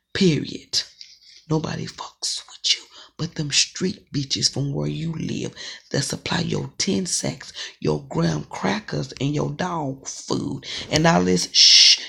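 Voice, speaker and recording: Ranting online reader, confrontational and repetitive; rough husky voice with heavy fry. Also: medium pitch, fairly bright tone. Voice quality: gravelly and husky. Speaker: online psychic reader on a live stream. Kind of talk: angry ranting monologue.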